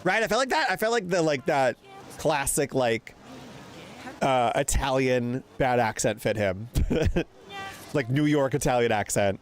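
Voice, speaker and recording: A man's voice: medium pitch, lively intonation, a little slow. A young man streaming a game, chatting loosely, laughing and swearing while reading lines aloud. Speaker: gaming streamer. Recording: game music playing behind.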